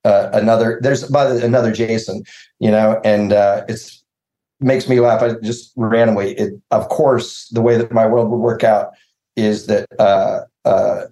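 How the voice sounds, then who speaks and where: A man's voice: fairly low pitch, steady tone, measured pace, dark tone, reverberant, poor audio. A man telling rambling, self-deprecating stories and laughing often in a casual podcast chat over a video call. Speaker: showrunner guest.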